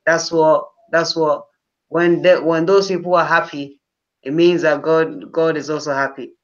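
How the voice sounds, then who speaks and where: Man in his twenties, boxer being interviewed; sincere and repetitive, slightly high voice, dull lo-fi sound. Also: fairly even intonation, unhurried. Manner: earnest, repeats words, sincere. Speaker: professional boxer. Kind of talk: interview answer.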